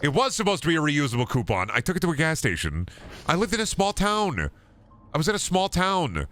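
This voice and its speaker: A young man streaming a game, rambling in a self-mocking way and swinging into loud mock outrage. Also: on the high side, huge pitch swings, brisk. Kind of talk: casual gaming stream chatter.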